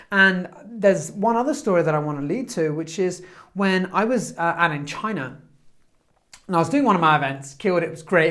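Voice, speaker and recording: A man giving a motivational talk, telling stories in an animated, quick way and acting out what people said. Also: high-pitched. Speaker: motivational speaker.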